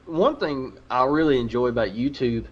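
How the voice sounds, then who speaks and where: A man chatting earnestly as a guest on a gaming podcast, circling back and restarting his thoughts as he goes. His voice sits at an ordinary middle pitch. The sound is dull and lo-fi. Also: normal speed. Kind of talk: casual chat. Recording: dull lo-fi audio.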